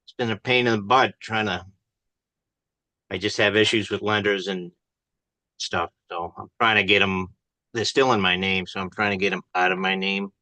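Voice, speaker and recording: A man's voice: on the low side, steady tone, normal speed, sharp tone, no room sound. A man chatting casually on a video call, hesitant, with many restarts.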